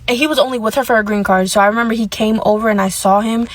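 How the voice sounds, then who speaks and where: Fast-talking blunt woman telling a story. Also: on the high side. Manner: blunt and candid, with occasional swearing; animated, indignant retelling. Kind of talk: casual personal storytime.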